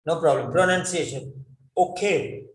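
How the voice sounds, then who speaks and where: In an echoey room, a man teaches an English pronunciation lesson, repeating words over and over to model how they should sound. His voice is on the high side and unhurried.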